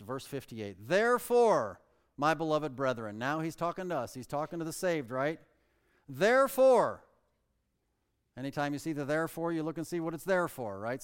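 A pastor preaching a sermon, emphatic and swinging between loud and soft, reading scripture aloud in old-fashioned wording. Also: male voice, a little high, clear, resonant tone. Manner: reads scripture aloud in King James wording. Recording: long reverb of a large hall.

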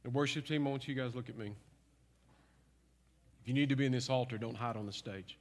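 A man's voice: medium pitch, quick pace. A man preaching a sermon and leading an altar call, teasing at times and then fervent and pleading. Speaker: pastor. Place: large church with live music. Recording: long hall reverb, music behind.

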